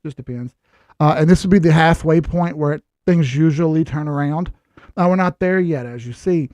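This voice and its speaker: A man's voice: fairly high pitch, normal speed, darkish tone, no echo. A man hosting casual crypto chart commentary who talks in a blunt, lecturing way with sarcastic asides. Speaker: crypto chart analyst host.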